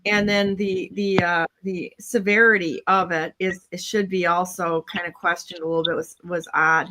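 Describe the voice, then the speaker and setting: A woman's voice: fairly low pitch, little pitch movement, normal speed, sharp tone. A woman hosting a casual online talk show, chatty, with many fillers and restarts. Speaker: show host.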